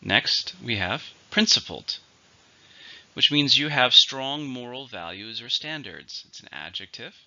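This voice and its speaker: A man's voice: mid-range voice, lively intonation, unhurried, bright, forceful tone. A man teaching an English vocabulary lesson, going methodically through each word's syllables and stress. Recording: dull lo-fi recording.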